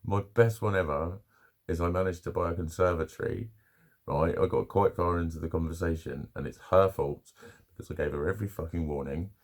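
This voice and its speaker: A man's voice: low-pitched, steady tone, fairly quick. A middle-aged man, chatting casually to camera at home, swearing freely and laughing at his own stories. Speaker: vlogger.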